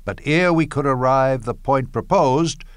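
Cassius, a man playing a slow, declamatory Roman schemer. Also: medium pitch, clear, resonant tone, dry recording, clean studio sound, close to an everyday voice. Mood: persuasive. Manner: measured, declamatory, with bursts of scorn. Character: scheming, bitter Roman nobleman persuading a friend. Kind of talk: Shakespearean verse drama reading.

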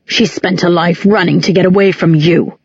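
A woman voicing a grieving, bitter grown man in an audiobook, with a low, cutting delivery. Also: fairly even intonation, normal speed, a little mellow, slightly rough. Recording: dull, muffled recording.

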